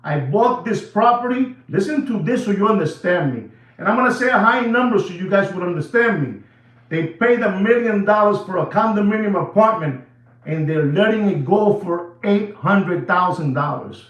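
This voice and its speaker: A man's voice: sits high, normal speed, fairly bright tone. A middle-aged man who deals in watches, giving a dramatic, theatrical rant to his viewers, recorded in an echoey room from a distance. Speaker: watch dealer. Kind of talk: ranting vlog to camera.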